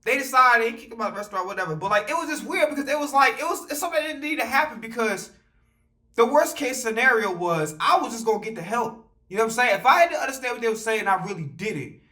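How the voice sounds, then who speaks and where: A man telling a casual storytime vlog, animated and profane, rambling with fillers and restarts. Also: very high voice, fast talker.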